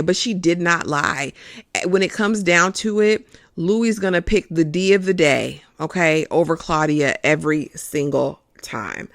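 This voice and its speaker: A host giving a casual, expressive recap of a TV episode, calling listeners "honey" as they go. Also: medium pitch, unhurried, no echo, clean studio sound.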